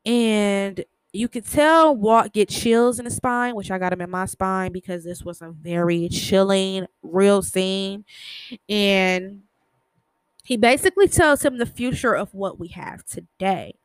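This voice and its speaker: A woman's voice: medium pitch, unhurried, smooth, no room sound. A woman casually recapping a TV episode, talking bluntly, swearing freely and tripping over her words. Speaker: show recapper.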